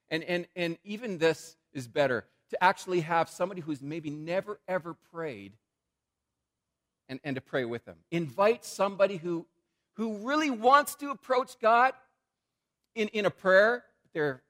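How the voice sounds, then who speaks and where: A man preaching a sermon as a pastor, in a conversational, animated way with frequent repetitions. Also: fairly high pitch.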